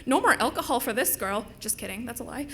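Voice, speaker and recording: A young woman from Minnesota telling a personal story on stage to a live audience, chatty and animated. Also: fairly high pitch, quick pace, slight background noise.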